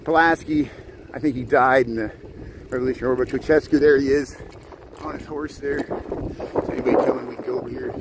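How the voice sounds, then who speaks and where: A man's voice: mid-range voice, steady tone, brisk, long pauses. Casual male streamer, winded from pedaling, greets his viewers, gusty outdoor mic. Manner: chatty, greets viewers by name. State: out of breath from cycling. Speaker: live streamer. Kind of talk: live-streamed city tour. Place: outdoors by a lakefront, riding a bike. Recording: outdoor wind noise on the mic. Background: wind noise.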